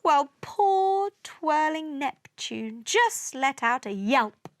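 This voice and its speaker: A woman reads a rhyming children's storybook aloud in an expressive, sing-song manner. Her voice is high and very lively, and she takes her time. The sound is close and dry. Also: takes it slowly, no room sound. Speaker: narrator. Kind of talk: storybook read-aloud in rhyme.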